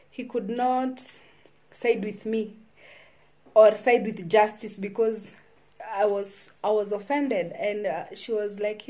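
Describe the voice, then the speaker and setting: Woman vlogger, personal storytelling, soft dark tone, stop-start delivery. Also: a little high. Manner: halting, with frequent restarts and repeated words.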